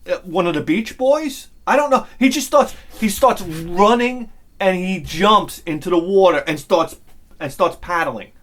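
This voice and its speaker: A middle-aged man, telling a crude, animated story on his vlog, swinging between loud bursts and muttered asides. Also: high-pitched, measured pace. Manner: crude humor. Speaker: vlogger. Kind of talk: casual storytelling.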